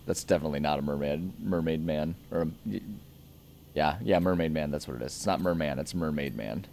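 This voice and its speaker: Rambling low-voiced young man. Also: a little fast, vocal fry, darkish tone, slight background noise. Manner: rambling, chuckling, easily sidetracked. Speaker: gaming channel host. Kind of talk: casual let's-play commentary.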